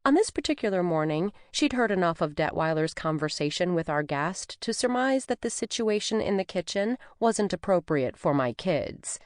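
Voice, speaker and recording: A woman narrates a cozy mystery in the first person, her voice lowish and full of lively pitch movement. She tells the story with expression. The studio recording is dry and close. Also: normal speed, few pauses, no echo. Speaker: audiobook narrator. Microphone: studio microphone.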